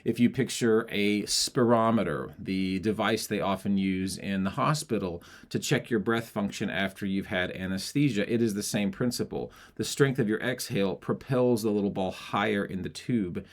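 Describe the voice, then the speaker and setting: A man's voice: lowish voice, normal speed, hardly any pauses. A male voice teacher explaining how breath affects the larynx, breaking into short sung and spoken demonstrations. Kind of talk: singing lesson.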